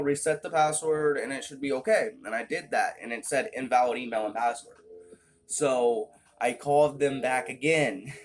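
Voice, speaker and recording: A young man telling a long, frustrated story to camera in a casual vlog, swearing constantly and restarting his sentences as he rambles. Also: medium pitch. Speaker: vlogger. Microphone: phone or webcam at close range.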